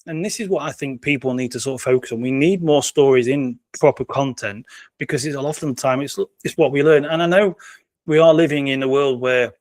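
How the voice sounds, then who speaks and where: A man's voice: medium pitch, fairly quick, a little mellow, no echo. A British man from the UK, a guest in a casual interview, who rambles and repeats his words as he talks. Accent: British English.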